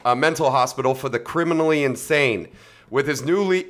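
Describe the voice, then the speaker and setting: A man's voice: mid-range voice, brisk, a bit bright. Male podcast host, mid-range voice, casual, recaps movies with jokes. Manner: summarizes plots with jokey asides and laughs.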